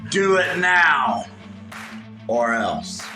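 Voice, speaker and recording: A man's voice: fairly high pitch, very animated, drawn-out words, bright, forceful tone. A man cutting a menacing wrestling promo for a podcast, a growling recorded drop. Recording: echoey with music behind.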